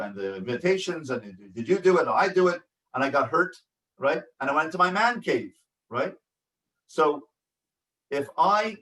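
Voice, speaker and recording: A man's voice: on the high side, a bit bright, distant mic, poor audio. A man, a rabbi, teaching a workshop in an earnest, repetitive way and acting out examples. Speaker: rabbi and family educator. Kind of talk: workshop lecture.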